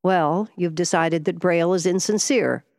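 A woman's voice: fairly low pitch, normal speed, darkish tone, no echo, studio quality, lightly acted. A woman voicing a testy, ailing older male millionaire who speaks with vexed impatience.

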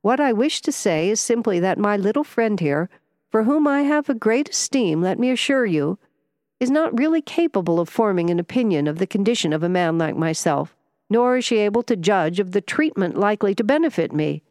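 A woman's voice: mid-range voice, expressive, a little fast, darkish tone, no echo, studio quality, pitched above the performer's own voice, close to an everyday voice. A woman voicing a testy, ailing older male millionaire who speaks with vexed impatience.

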